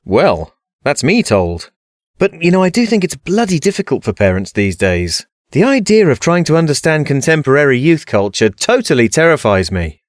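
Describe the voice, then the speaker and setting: A man's voice: fairly high pitch, big pitch swings, moderate pace, no echo. A man hosting a scripted comedy podcast in a wry, theatrical way.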